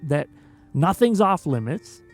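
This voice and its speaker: A man hosting a casual livestream interview, telling stories in an animated way and laughing often. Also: a little high, takes it slowly, soft background music. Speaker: interview host.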